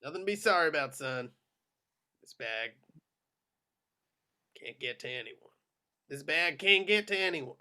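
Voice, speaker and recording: A man playing a gruff, folksy army lieutenant. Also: a little high, lively intonation, a little slow, pauses often, bright, forceful tone, exaggerated voice. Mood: steady, reassuring. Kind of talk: amateur script reading.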